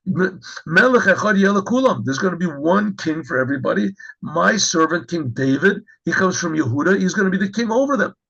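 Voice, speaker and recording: A man, a rabbi, giving a Torah class, reading Hebrew phrases and translating them, often clearing his throat. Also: high voice, lively intonation, fairly quick, pushed and bright, dull audio. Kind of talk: Torah class explaining a text.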